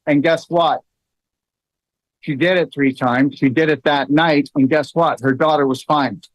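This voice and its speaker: Middle-aged guy rambling thru stories, lotsa ums, kinda high voice, flat dead-dry lo-fi audio. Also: unhurried, no echo. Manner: storytelling, many fillers, rising into animated quoted lines. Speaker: host. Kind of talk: casual livestream talk. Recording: dull, dry lo-fi sound.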